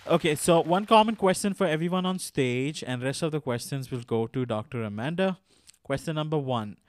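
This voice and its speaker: A man hosting a podcast interview, friendly and laughing often, with halting restarts as he asks his questions. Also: on the high side, lively intonation. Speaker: podcast host.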